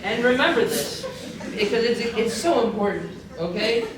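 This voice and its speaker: A man's voice: extremely high pitch, moderate pace, a crowd in the background. A young man hosting a comedy panel at a convention, talking in a mock-serious, conspiratorial way with lots of fillers, heard through a room microphone. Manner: deadpan mock-conspiratorial, chatty with many fillers. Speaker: panel host. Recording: very echoey hall from far off, noisy.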